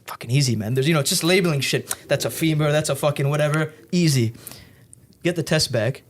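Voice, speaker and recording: A young man hosting a podcast, chatting casually and swearing freely as he tells animated stories. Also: fairly high pitch, fast, slight background noise. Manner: profane, storytelling, animated.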